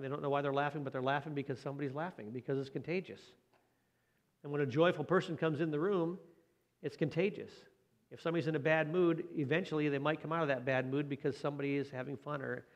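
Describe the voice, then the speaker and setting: A man's voice: medium pitch, steady tone, fast talker. A man preaching a conversational sermon as a pastor. He talks in a folksy way, asks the listeners questions and adds light joking asides.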